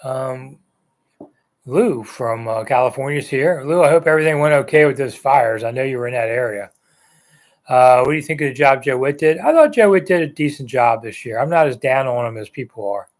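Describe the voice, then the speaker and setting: A man's voice: medium pitch, animated, fairly quick. A man in his sixties hosting a live sports chat, answering viewer comments in a loose, rambling way. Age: 60s. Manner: rambling, conversational, with frequent ums and uhs. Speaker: sports talk host.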